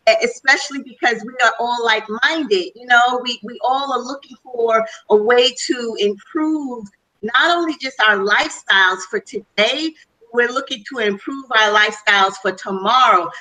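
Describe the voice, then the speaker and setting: A woman's voice: fairly high pitch, moderate pace, sharp tone, rough recording. A woman speaking as a panel guest on a webinar, telling her personal story with enthusiasm. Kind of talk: testimonial on a webinar call.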